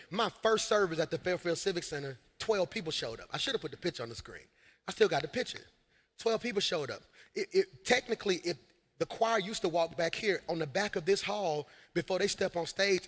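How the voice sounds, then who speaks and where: A man preaching from a church stage, his high voice rising into shouts and laughs. The tone is bright and forceful, and it rings out with a long tail of reverb across the large hall. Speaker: pastor. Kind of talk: sermon.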